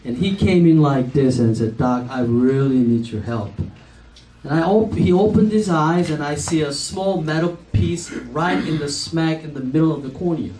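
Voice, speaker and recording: An optometrist in his forties speaks at a company event, telling a slow, chatty story to the audience, laughing often and acting out dialogue. His voice is fairly high and mellow. The sound is an echoey hall heard from far off, with faint noise.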